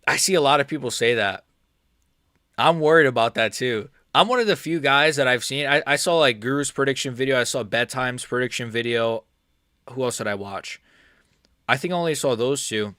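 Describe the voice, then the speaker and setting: A man's voice: medium pitch, brisk, sharp tone, dry recording, clean studio sound. A man rambling crudely through a casual livestream chat about fights. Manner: rambling, crude joking, trails off. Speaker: MMA streamer.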